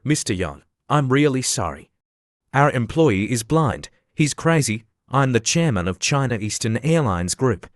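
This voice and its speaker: A man's voice: medium pitch, very animated, unhurried, dry recording. A man voicing an old airline chairman who scolds an employee and fawns over a guest, in a dry, plain recap reading. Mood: fawning. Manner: scolding, then fawning.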